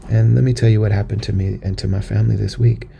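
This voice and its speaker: A man's voice: fairly low pitch, level tone, fast, vocal fry, mellow, a little hiss or hum. An American man hosting a podcast, talking earnestly in a personal monologue and often restarting his phrases. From United States. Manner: earnest, conversational, circles back on phrases. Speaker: podcast host.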